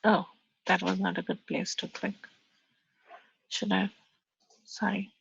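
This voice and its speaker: A woman's voice: medium pitch, level tone, slow, gravelly, breathy edge, no room sound, highs cut off. A woman in a casual work meeting on a video call, matter-of-fact as she reads out settings and explains issues. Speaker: software engineer in triage meeting.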